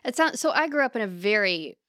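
A woman from central Texas co-hosting a podcast, adding wry quick asides. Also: mid-range voice, sing-song, fairly bright tone, no echo, studio quality. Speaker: podcast co-host. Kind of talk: casual podcast interview.

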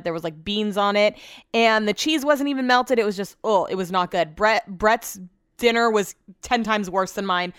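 Woman, casual storytime vlog, rambling and chatty, smooth voice, dry recording. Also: medium pitch, fairly bright tone, dry recording. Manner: chatty and rambling, with asides and self-corrections. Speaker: vlogger. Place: at home at her computer.

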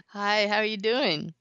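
A woman hosting a spiritual call-in radio show, talking to callers in a gentle, earnest and reassuring way. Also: medium pitch, slight background noise. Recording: dry, slightly dull radio sound.

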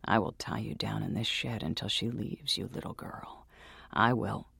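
A man's voice: lowish voice, fairly even intonation, normal speed, vocal fry, bright, forceful tone, husky, dry recording, clean studio sound, exaggerated voice. A man voicing a furtive, lecherous older man who hisses in a half-whisper, in a whispered role-play. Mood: hissing.

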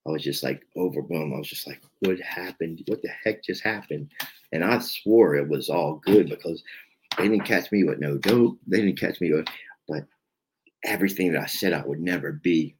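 Low-voiced man in his fifties from South Jersey, halting confessional guest storyteller, lots of fillers. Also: a little mellow, a little hiss or hum, low-quality recording. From South Jersey, USA. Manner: halting, repetitive, many "you know" fillers. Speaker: podcast guest in recovery.

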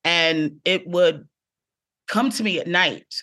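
Theatrical, animated woman storyteller. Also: on the low side, slow. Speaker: guest comedian. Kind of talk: storytelling in casual chat.

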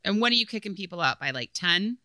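A woman co-hosting an interview, asking playful, quick questions in casual chat. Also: medium pitch, lively intonation, sharp tone. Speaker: co-host.

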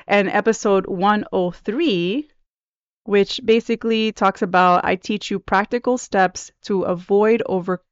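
Earnest woman podcaster, smooth voice. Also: fairly low pitch, dry recording, highs cut off. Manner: earnest, conversational, with many restarts. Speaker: podcast host. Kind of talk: devotional podcast talk.

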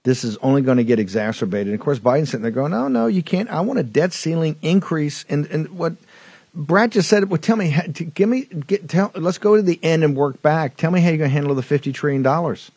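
A man's voice: a little high, fast, darkish tone, slightly rough, dry recording. Fiery dry-voiced talk show host man. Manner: fiery, emphatic, repetitive. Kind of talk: political talk show commentary.

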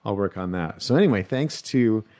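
Here the podcast host's voice is fairly low, a little mellow, and expressive, at a moderate pace. Talking alone, he keeps it casual, mocks his own slip-ups, laughs often, and works through his thoughts aloud, filling gaps with ums and uhs.

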